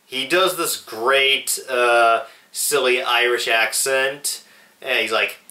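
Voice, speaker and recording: Slow, rambling young man reviewing a movie. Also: mid-range voice, steady tone, sharp tone. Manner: slow, rambling and profane, with lots of restarts. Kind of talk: casual movie review vlog. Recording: echoey room, mic at a distance.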